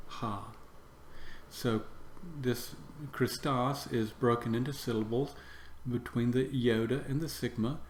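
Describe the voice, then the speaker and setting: Slow-talking guy drilling greek words over and over, lots of uh's, echoey room, faint hiss. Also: medium pitch, steady tone. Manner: slow, repeats words for drill, many "uh" fillers. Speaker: Greek teacher. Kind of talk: slow vocabulary lesson.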